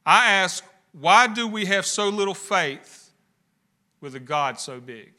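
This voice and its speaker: Bright, high-voiced preaching man. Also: lively intonation, slow. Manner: preaching with rising emphasis and rhetorical questions. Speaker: pastor. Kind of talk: sermon.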